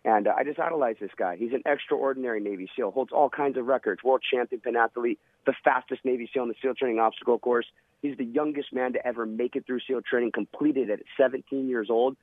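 A man's voice: mid-range voice, fairly even intonation, quick pace, husky, dry recording. A man, a former Navy SEAL, telling a vivid, dramatic story in an interview. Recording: tinny phone-line sound.

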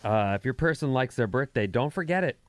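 A man's voice: mid-range voice, lively intonation, fairly quick. A man co-hosting a morning radio show, chatting casually and reading the news. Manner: conversational, reads sponsor copy and sports news.

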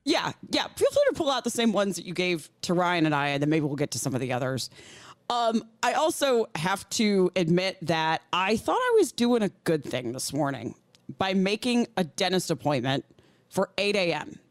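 A woman's voice: lowish voice, sing-song, moderate pace, no echo. A woman co-hosting a radio talk show over a video call, her mouth numb from dental work, laughing often and slurring words a little. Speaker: radio co-host. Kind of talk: casual talk radio chat. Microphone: remote over video call.

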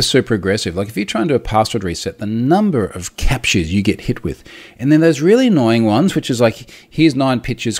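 A man with a voice a bit lower than most talks casually on his own about online security. He speaks in a chatty, wry way and lays out technical details clearly, with self-mocking jokes along the way. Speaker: host reading viewer comments.

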